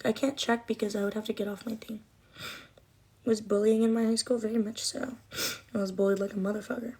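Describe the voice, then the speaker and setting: A woman's voice: fairly high pitch, a little mellow, husky. Chatty young woman livestreaming. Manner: rambling, emotional, swears often. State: cold, shivering. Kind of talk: casual livestream chat.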